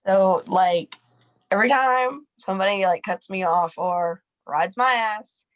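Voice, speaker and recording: Woman, mid pitch, class participant, casual and chatty with lots of "like". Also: a little slow, poor audio. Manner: conversational, with filler "like". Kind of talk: casual sharing.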